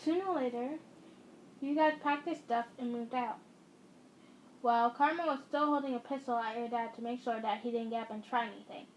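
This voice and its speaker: Casual high-voiced woman storyteller. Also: a little fast, slight background noise, low-quality recording. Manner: casual, chatty narration with acted voices. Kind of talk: second-person story narration.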